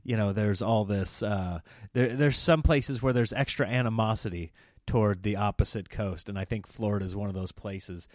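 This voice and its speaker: A man from Nebraska hosting his own comedy podcast, rambling through animated stories and acting out what people said. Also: on the low side, normal speed, dry recording, clean studio sound. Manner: rambling, animated storytelling with acted-out quotes. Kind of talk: casual monologue.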